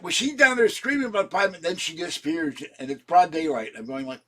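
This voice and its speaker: Rambling, laughing male vlogger, higher voice. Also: expressive, quick pace, few pauses, pushed and bright. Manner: ranting, frequently breaking into laughter. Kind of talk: rambling monologue. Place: at home indoors.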